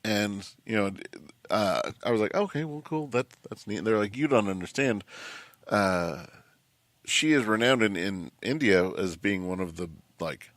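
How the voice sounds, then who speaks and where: A man's voice: fairly low pitch, animated, moderate pace, a bit bright, no room sound. A man hosting a podcast in casual chat, telling stories in a rambling way with many fillers and restarts. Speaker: podcast host.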